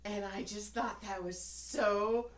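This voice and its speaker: A woman's voice: mid-range voice, steady tone, takes it slowly. A woman in her thirties co-hosting a podcast in casual chat, telling stories animatedly, laughing often and acting out quotes. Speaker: podcast co-host. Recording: roomy echo, faint ambience.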